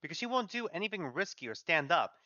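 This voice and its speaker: A man's voice: on the high side, big pitch swings, fast talker, bright, forceful tone, dry recording, dull audio. A man voicing a fed-up foreign engineer. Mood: bitter venting. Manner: venting, clipped and heated. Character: frustrated foreign engineer doctor, bitter.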